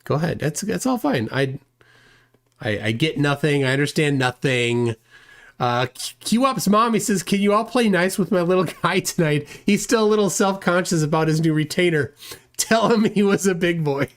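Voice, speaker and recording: A man's voice: a little high, expressive, normal speed. Rambling man hosting a livestream. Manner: rambling and self-deprecating, with frequent restarts and chuckles. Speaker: livestream host. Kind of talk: casual livestream chat, reading chat aloud.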